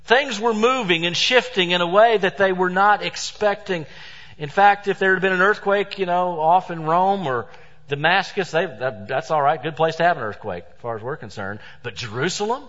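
A man preaching a sermon as pastor, stressing points loudly and then dropping to hushed asides. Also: high voice, moderate pace. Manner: emphatic preaching, swings between loud stresses and hushed asides. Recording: dull sound with long hall reverb.

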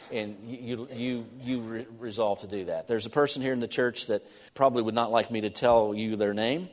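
A man preaching a sermon in a church, earnest and halting, with restarts as he talks. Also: mid-range voice. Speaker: pastor. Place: church sanctuary. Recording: long hall reverb.

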